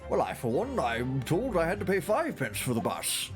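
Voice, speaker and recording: A man voicing an excitable passenger witness who babbles eagerly in a raised voice. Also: a little high, moderate pace, music in the background, voice pushed up.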